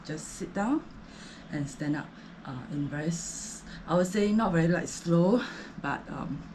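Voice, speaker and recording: With a lowish, darkish voice and a slightly slow pace, a Singaporean woman casually describes her home workout, gasping a little between sets. Her Singaporean English is chatty and filler-heavy with rambling explanations, and there is slight background noise.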